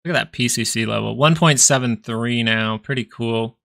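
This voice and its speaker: Speaking at a normal speed with a touch of vocal fry, this young streamer offers live chart analysis as he muses over stock charts. His voice sits in the mid-range and comes across a bit bright.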